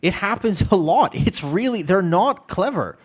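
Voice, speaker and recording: A man livestreaming a game, chatting candidly and telling animated stories with playful exaggeration. He is from the United States. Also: high voice, a little slow. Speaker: game streamer. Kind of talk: casual livestream chat while gaming.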